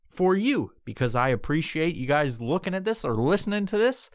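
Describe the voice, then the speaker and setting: A man's voice: fairly high pitch, very animated, moderate pace, no room sound. A man from New York hosting his own podcast alone in a studio. He talks in a put-on tough-guy tone and swears constantly. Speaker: podcast host. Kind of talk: solo podcast monologue.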